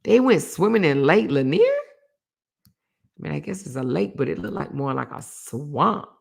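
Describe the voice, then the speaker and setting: A middle-aged woman hosting a casual livestream chat and reading viewer comments aloud, animated and chatty, repeating phrases for emphasis. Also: deep voice, normal speed, vocal fry, slightly rough. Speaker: host.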